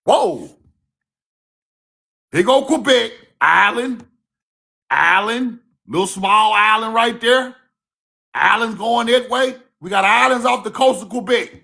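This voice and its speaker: A man giving a casual, fiery online lecture, cussing freely, repeating himself and shouting key words. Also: high voice, slow, vocal fry, long pauses. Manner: laughs at own points.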